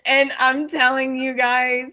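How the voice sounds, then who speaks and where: A woman co-hosting a casual podcast, joining in and laughing often. She speaks slowly with a bright tone. The recording sounds a little dull. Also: high voice, little pitch movement, soft background music. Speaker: podcast co-host, guest. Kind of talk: casual chat.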